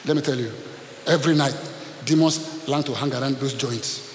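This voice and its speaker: A man preaching a sermon as pastor, dramatic and animated, acting out scenes. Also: medium pitch, normal speed. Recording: echoey hall with faint hiss.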